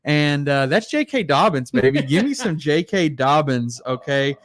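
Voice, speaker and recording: A man's voice: a little high, very animated, moderate pace, dry recording, clean studio sound. A man co-hosting a podcast, chatting casually in a laid-back, easygoing way. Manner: laid-back, chatty, slips into quoting others. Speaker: podcast co-host. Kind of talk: casual chat.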